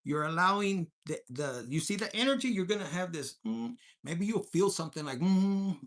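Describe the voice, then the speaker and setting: A casual collective tarot reading comes from a speaker of medium pitch and ordinary pace. She's outspoken and foul-mouthed, full of animation, with bits of Spanish woven in.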